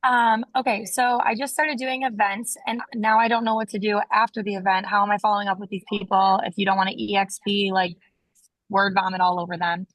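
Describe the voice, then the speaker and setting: A woman's voice: mid-range voice, level tone, brisk, fairly bright tone, dry recording, poor audio. A woman in a webinar Q&A, asking a question hesitantly and searching for words. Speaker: audience member asking a question.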